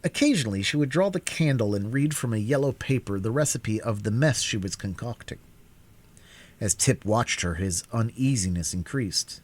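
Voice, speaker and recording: A man's voice: on the low side, animated, moderate pace. A man reading a classic children's book aloud in a live stream, narrating expressively. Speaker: reader.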